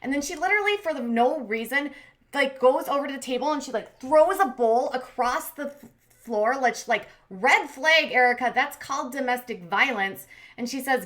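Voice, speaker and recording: Bright, chatty woman recapping a show. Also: fairly high pitch, expressive, moderate pace. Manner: chatty, heavy use of "like" and "um"; opinionated, cheering and scolding the people she recaps. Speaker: commentary channel host. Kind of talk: casual recap commentary.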